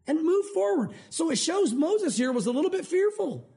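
A man pastor preaching an animated sermon in a church, acting out quotes from scripture. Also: very high-pitched, moderate pace, gravelly.

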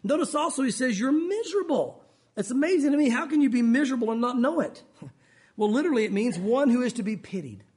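A man's voice: very high-pitched, expressive, fast, a little mellow. A pastor, preaching a sermon in an earnest, conversational way and talking straight to his congregation.

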